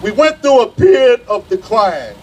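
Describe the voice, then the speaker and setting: A man's voice: sits high, big pitch swings, moderate pace, a little hiss or hum, low-quality recording. A man who is a union vice president speaks outdoors at a rally, folksy and confident and fond of anecdotes. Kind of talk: rally speech.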